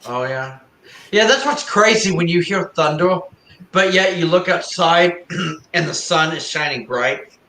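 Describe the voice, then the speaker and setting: Man, stream host, bright tone, playful chatter with plenty of laughs, roomy echo. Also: fairly high pitch, lively intonation, unhurried. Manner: laughing, joking, reads chat aloud. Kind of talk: casual chat. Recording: echoey room with faint ambient noise.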